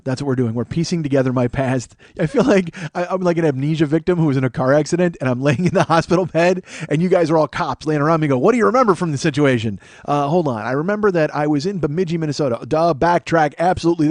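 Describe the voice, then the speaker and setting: A man's voice: a little high, quick pace, few pauses, darkish tone, no echo. A man in his forties from Chicago, a podcast host riffing through a sarcastic, profane comedic monologue in a small studio.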